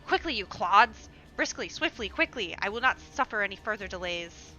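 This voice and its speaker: A woman's voice: mid-range voice, animated, normal speed, sharp tone, highs cut off, soft background music. A woman voicing a stern, bitter old male kobold patriarch in a video game, declaiming his lines. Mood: commanding. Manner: commanding, declamatory.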